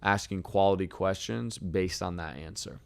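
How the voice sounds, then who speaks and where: A man with a very low, smooth, clear voice coaches in a relaxed, encouraging way. He lays out his advice point by point, recorded close up in a dry room with no echo. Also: moderate pace. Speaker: sales trainer and host. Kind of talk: casual coaching talk.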